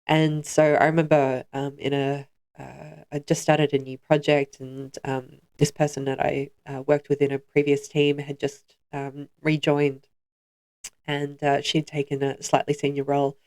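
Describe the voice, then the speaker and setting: A woman's voice: low voice, completely flat delivery, unhurried, darkish tone. A woman co-hosting a podcast, telling personal stories in a reflective, conversational way. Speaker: podcast co-host. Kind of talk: casual chat.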